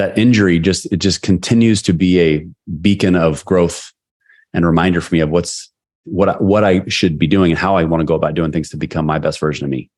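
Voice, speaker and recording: A middle-aged man with a very low voice tells a personal story as a podcast guest. He is animated and drops into the voices of the people he quotes. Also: brisk. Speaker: guest, sales leader and coach.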